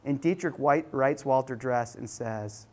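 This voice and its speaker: A male lecturer speaking to a live audience in a hall. He tells a personal story with energy, lifts his voice and his pace to act out what he thought, then drops low for quieter moments. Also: a little slow, a little hiss or hum. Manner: animated storyteller, acts out quoted thoughts.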